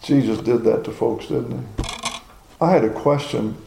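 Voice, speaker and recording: A man's voice: mid-range voice, moderate pace, gravelly, dark tone, echoey room, slight background noise, rough recording. A man in his sixties preaching a sermon in a folksy, personal storytelling way. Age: 60s.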